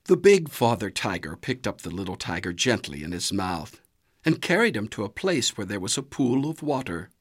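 A storyteller reading a children's animal fable in an animated, expressive way, with dramatic pauses. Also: low-pitched, slightly rough.

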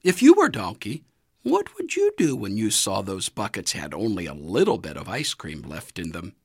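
A man reading a children's story aloud in an expressive storytelling manner. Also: on the low side, moderate pace, breathy edge. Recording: soft music underneath. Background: faint music.

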